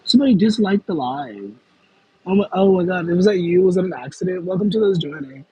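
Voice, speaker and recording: A man's voice: high-pitched, expressive, brisk, dark tone, breathy edge, poor audio. A young man chatting casually on a livestream, answering viewer comments in a rambling, self-aware way. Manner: rambling, self-aware, with frequent fillers and laughs. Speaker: livestream host.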